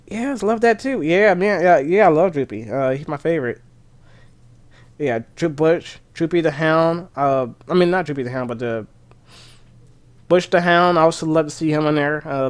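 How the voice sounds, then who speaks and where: A man streamer chatting casually and excitedly, rambling with many restarts. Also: on the high side. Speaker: gaming streamer. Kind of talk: casual chat.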